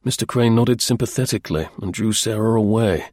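A man narrating an audiobook in a measured storytelling manner. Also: on the low side, a little mellow, no room sound, clean studio sound.

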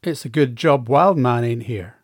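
Brief: a man playing a friendly New York Italian mob type, streetwise, mid-pitched voice. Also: moderate pace, no echo, studio quality, close to an everyday voice. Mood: easygoing. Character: tough adult male mobster's son, friendly.

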